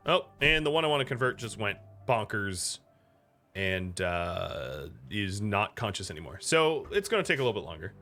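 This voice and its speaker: Bright-voiced American man streaming a game. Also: fairly low pitch, very animated, normal speed, soft background music. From United States. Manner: chatty, talks to chat and to his pet between game moves. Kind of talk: casual gameplay commentary.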